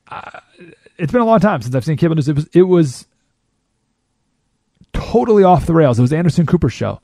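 Animated talk-show man, lively and gravelly. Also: a little fast, dry recording, studio quality. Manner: animated, mocking, mimics people in high voices. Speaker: radio talk show host. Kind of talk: monologue commentary.

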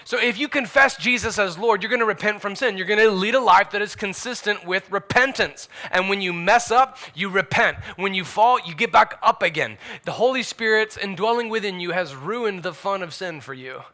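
A man preaching a sermon as pastor, emphatic, swinging between loud declarations and hushed asides. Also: high-pitched, lively intonation, normal speed, few pauses.

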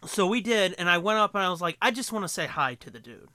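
A man co-hosting a podcast, telling a story in casual chat, animated and profane, acting out quotes. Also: sits high, fast talker, no echo. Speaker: podcast co-host.

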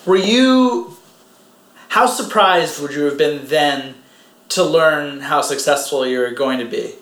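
A man hosts a relaxed interview, laughing easily and asking questions in a friendly way. His voice is a bit high for a man, and the room around him rings with echo. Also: takes it slowly. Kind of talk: casual interview. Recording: echoey room.

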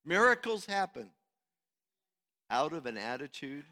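A male pastor preaching a sermon, swinging from hushed, low passages to loud, emphatic ones. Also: sing-song, a little slow.

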